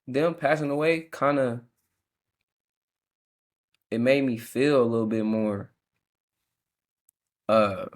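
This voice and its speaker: Young man, podcast host, relaxed slangy delivery, halting and self-correcting, average pitch. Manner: casual slangy talk with many restarts. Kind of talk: reflective faith podcast monologue.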